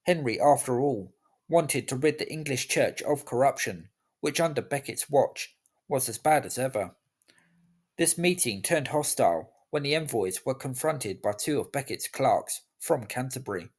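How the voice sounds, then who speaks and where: A man giving scripted history narration in a measured, even storytelling delivery. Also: mid-range voice, slightly rough.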